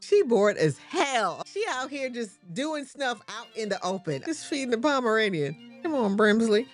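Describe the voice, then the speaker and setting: A middle-aged woman with a low voice and reacts to a TV episode in sassy, colloquial asides. Her pitch swings widely as she talks. Faint music plays underneath. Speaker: reaction host. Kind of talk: casual TV reaction commentary.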